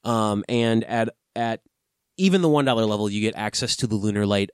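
A man's voice: lowish voice, brisk, a little mellow, smooth, no echo, studio quality. A man co-hosting a podcast in casual chat, joking and rambling through plugs with fillers. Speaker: podcast co-host.

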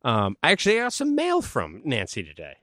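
A man co-hosting a podcast in loose, jokey banter, his pitch swinging widely as he goes. He swears freely and plays up every bit, close and dry on the mic. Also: fairly quick, dry recording. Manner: animated, jokey, swears often. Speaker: podcast co-host. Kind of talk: casual comedic podcast chat.

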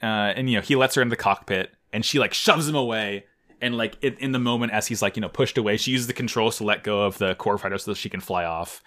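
A man co-hosting a podcast, recapping an anime episode in casual chat, animated and jokey, often jumping his voice up high for emphasis. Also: quick pace. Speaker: podcast co-host.

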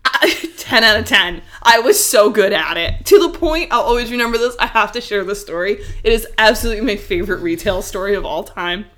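A woman co-hosting a casual podcast, telling stories in an animated way, laughing often and using lots of fillers. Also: medium pitch, brisk, few pauses. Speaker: podcast co-host. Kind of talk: casual chat.

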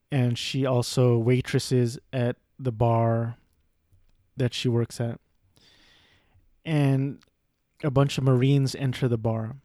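Male reviewer, casual rambling delivery with profanity, warm low-key tone, dry room. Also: dry recording. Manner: rambling, profane, self-deprecating. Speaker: movie reviewer. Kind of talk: casual movie review monologue.

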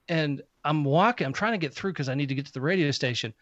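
Speaking fast with few pauses, this fifty-something man co-hosts a podcast, chatting casually and telling blunt, profanity-laced stories. His voice is fairly high and bright with lively intonation, no echo, and the recording sounds slightly muffled.

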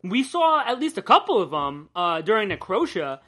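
A woman's voice: medium pitch, sing-song, moderate pace, a bit bright. A young woman co-hosting a casual comic-book podcast, joking crudely and laughing often. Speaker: podcast co-host.

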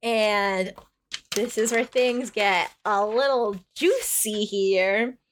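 A woman's voice: medium pitch, slow, a little hiss or hum. A woman co-hosting a podcast, casually recapping a story in a chatty manner full of swearing and "like". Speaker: podcast co-host.

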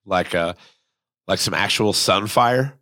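A man's voice: deep voice, slow, bright, forceful tone, no room sound, studio quality. A man hosting a podcast in casual, crude, joking chat, reading listener messages aloud. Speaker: podcast host.

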